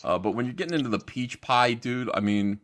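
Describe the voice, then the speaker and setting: A man's voice: medium pitch, expressive, a little fast, a bit bright. A man from New Jersey, a guest on a panel show, talking bluntly and swearing in casual chat. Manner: blunt, profane, ranting.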